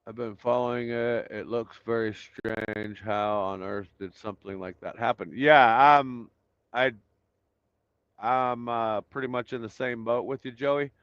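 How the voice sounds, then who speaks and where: A man's voice: mid-range voice, fairly even intonation, measured pace, smooth, no room sound, dull audio. A man hosting a casual live stream, greeting viewers by name and chatting loosely with lots of fillers while he waits to start. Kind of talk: casual chat reading viewer comments.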